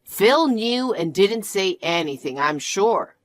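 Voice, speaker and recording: A woman voicing a caring middle-aged mother who apologizes for her son, speaking softly and gently. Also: medium pitch, expressive, takes it slowly, no echo.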